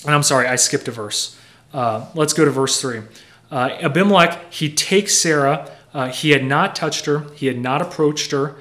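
A man's voice: fairly high pitch, normal speed, fairly bright tone. Earnest, conversational young male preacher. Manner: conversational, earnest, explains with everyday examples. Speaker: pastor. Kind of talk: sermon.

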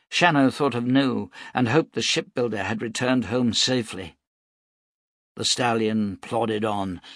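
A man reading an action novel aloud as an audiobook narrator, steady and dramatic. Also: fairly low pitch, husky, no room sound, studio quality. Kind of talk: scripted narration.

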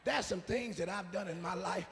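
A man a call-and-response sermon, repeating his phrases and swinging from soft asides to shouts. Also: high voice, normal speed, creaky, a crowd in the background. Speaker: preacher. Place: church sanctuary. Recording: preaching in a reverberant church hall.

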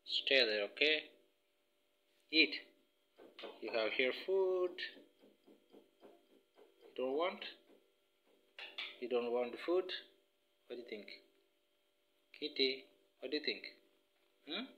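Slow cooing man talking to his cat. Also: mid-range voice, lively intonation, dull audio. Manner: soft cooing baby talk. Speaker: pet vlogger.

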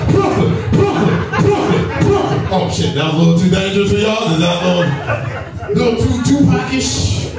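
Brash man doing stand-up in an echoey club. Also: fairly high pitch. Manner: brash, profane, crowd-bantering. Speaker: stand-up comedian. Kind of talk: stand-up comedy set. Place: comedy club. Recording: echoey club room, distant mic, crowd. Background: audience laughter.

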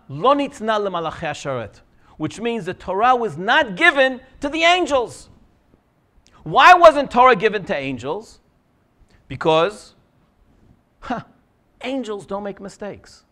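A middle-aged man, a scribe, telling a personal story in a talk and acting out the quoted dialogue. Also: high voice. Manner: animated, acts out quoted dialogue.

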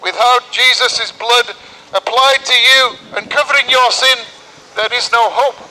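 A man's voice: very high voice, steady tone, measured pace, bright, forceful tone, poor audio. A man preaching an open-air sermon on a town street, urgent and full of repeated rhetorical questions.

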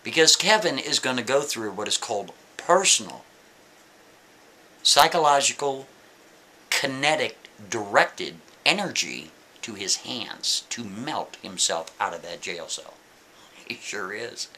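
Male storyteller, casual and emphatic, very lively pitch. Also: measured pace, slight background noise. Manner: lively, emphatic, talks to the listener.

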